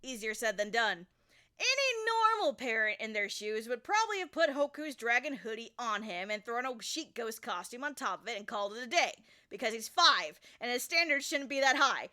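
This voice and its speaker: A young woman streamer reading a fan story aloud on a live stream, giggly and lively, stopping now and then to chat. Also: on the high side, normal speed. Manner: giggly, lively reader who breaks off to chat.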